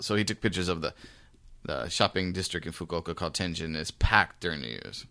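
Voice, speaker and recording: A man's voice: sits low, lively intonation, a little fast, sharp tone, no room sound, clean studio sound. A man hosting a podcast in a casual, rambling way, with fillers and the odd chuckle. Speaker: podcast host.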